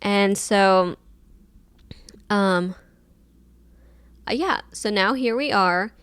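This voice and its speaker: A young woman in her twenties hosts her own podcast and tells a personal story in a loose, emotional way, full of likes and ums. Her voice sits at a middle pitch. It is recorded close on a camera mic in a dry space with no room echo. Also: extremely slow, a bit bright, smooth. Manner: chatty, emotional storytelling with many fillers. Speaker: podcast host. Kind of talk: casual solo podcast monologue.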